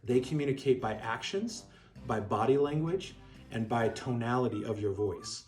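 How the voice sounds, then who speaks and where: A middle-aged man, a dog breeder, calmly explaining how to interact with a puppy in an even-keeled instructional talk. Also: medium pitch, normal speed. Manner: calm, even-keeled, demonstrates voice tones. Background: soft guitar music.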